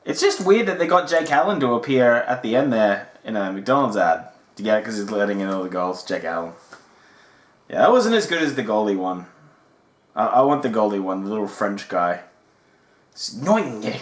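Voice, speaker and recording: A man's voice: on the low side, animated, a little fast. A man, hosting a podcast and chatting casually in reaction to old commercials. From Australia. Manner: chatty, laughing, filler-heavy. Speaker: podcast host. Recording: echoey room.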